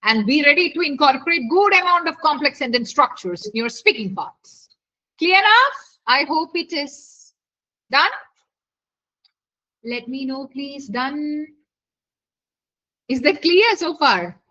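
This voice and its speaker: A woman's voice: sits high, animated, takes it slowly, long pauses, bright, forceful tone. A woman teaching a live online lesson as a tutor. She coaxes her students and keeps checking whether they follow. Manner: coaxing, keeps checking with the class. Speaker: IELTS speaking tutor. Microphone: video call. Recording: lo-fi online call audio.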